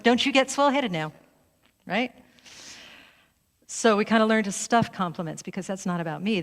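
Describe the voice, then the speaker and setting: A middle-aged woman minister giving a conversational sermon to her congregation, often breaking into laughter. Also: mid-range voice. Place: church sanctuary. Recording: long hall reverb.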